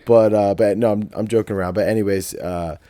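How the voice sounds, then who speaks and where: A young man from South Jersey rambles through a story with lots of swearing, fillers and quoted asides. His voice sits low, and the recording is dry and close. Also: fairly even intonation, brisk, dark tone, dry recording. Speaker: podcast co-host. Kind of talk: casual chat, storytelling.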